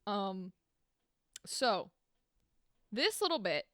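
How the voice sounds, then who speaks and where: A young woman hosting a podcast, explaining a play in a playful, animated way and swearing freely. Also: mid-range voice, very slow, smooth, no echo, clean studio sound. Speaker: podcast host. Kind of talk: casual comedic explainer.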